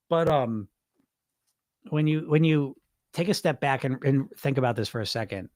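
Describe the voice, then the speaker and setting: Podcast host, male, high-pitched and lively, profane and blunt, dry close recording. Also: no room sound. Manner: blunt, profane, animated and emphatic. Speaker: weight-loss hypnotist and podcast host. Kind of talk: unscripted podcast monologue reading listener comments.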